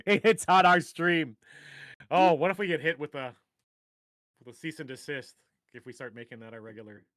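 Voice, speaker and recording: Bright-toned joking livestream host, man. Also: a little high, normal speed, long pauses, dry recording, studio quality. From Minnesota. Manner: rambling, jokey, trails off into mumbles. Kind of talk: casual chat.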